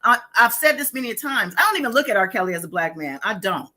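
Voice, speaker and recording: A woman hosting a live-stream chat, talking emphatically and building to loud declarations. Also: medium pitch, lively intonation, quick pace. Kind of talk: casual live-stream commentary.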